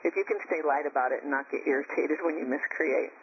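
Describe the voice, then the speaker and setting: A woman's voice: sits low, steady tone, quick pace, highs cut off, slight background noise. A woman leading a group call as its coach, telling personal stories in a chatty way and laughing at herself.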